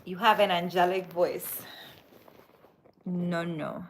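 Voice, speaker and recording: A woman spiritual reader chatting casually on a live stream, soft-spoken and hesitant as she answers comments. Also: fairly low pitch, level tone, takes it slowly, a little hiss or hum.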